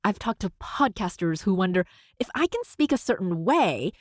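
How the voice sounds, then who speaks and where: A woman with a slight lisp hosts her own podcast, her pitch swinging freely and often rising at the ends of sentences. The sound is dry and close, with no room around it. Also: big pitch swings, moderate pace, no room sound. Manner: upspeak at sentence ends, frequent laughs. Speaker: podcast host. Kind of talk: solo podcast talk.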